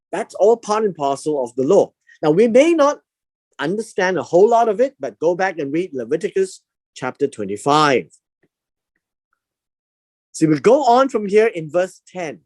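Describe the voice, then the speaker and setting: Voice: mid-range voice, darkish tone, no room sound. A Bible teacher giving a verse-by-verse lesson, explaining word meanings and repeating key words for emphasis.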